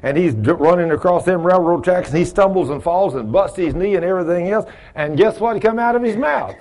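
A man with a high, expressive, slightly mellow voice teaches a Bible study a little fast. He's folksy, invites the group's answers, and acts out short conversations.

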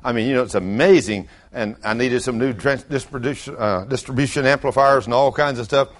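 A man's voice: mid-range voice, fairly quick. An older man, preaching a folksy sermon full of acted-out stories. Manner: animated storyteller, acts out quotes loudly.

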